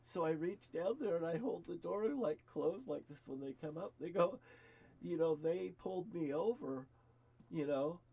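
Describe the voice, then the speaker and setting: A man's voice: fairly high pitch, lively intonation, normal speed, vocal fry, mellow, breathy edge, muffled recording. An older man rambling through a personal story, cursing freely and chuckling now and then.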